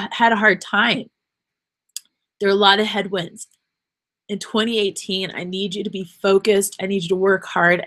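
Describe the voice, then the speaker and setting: A woman's voice: medium pitch, a bit bright. A woman hosting her own show, talking off the cuff in an earnest, rambling, encouraging way, emotional and close to tears. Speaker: podcast host. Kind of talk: unscripted motivational monologue.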